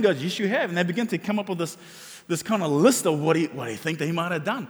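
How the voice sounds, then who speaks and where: High-voiced man preaching in a reverberant hall. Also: fast, few pauses. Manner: animated, conversational preaching with many restarts. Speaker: pastor. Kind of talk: sermon.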